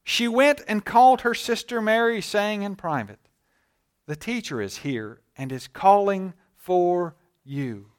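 Male pastor, higher-pitched voice; sermon delivery, hushed to forceful, drawn-out emphasis. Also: lively intonation, clear, resonant tone. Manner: swings from hushed to loud and emphatic, slows on key words. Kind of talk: sermon with scripture reading.

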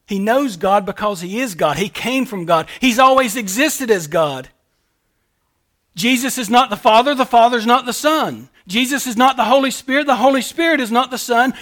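A male pastor preaching a sermon, emphatic and repetitive, swinging between loud declarations and quiet asides. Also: very high-pitched.

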